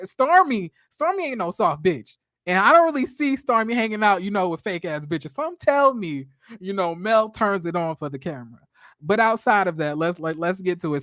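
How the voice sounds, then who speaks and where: A woman's voice: mid-range voice, dry recording, studio quality. Blunt, profane woman recapping TV. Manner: blunt, profane, animated storytelling. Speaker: reaction commentator. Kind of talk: casual reality-TV recap vlog.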